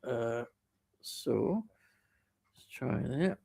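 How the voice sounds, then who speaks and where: A man's voice: mid-range voice, expressive, extremely slow, creaky, warm tone, slightly rough. A middle-aged man chatting casually on a live stream, rambling enthusiastically with many fillers and restarts as he reads out viewer comments.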